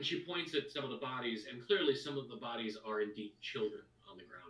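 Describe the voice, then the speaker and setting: Bright-voiced man as dungeon master. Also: mid-range voice, lively intonation, echoey room, recorded from a distance, rough recording. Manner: casual, halting with fillers. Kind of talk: narrating a tabletop game.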